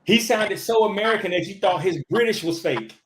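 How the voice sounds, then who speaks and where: A man, an actor, talking casually in an interview, animated and full of restarts and fillers. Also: sits high, a little fast, roomy sound, background noise. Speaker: actor, podcast guest.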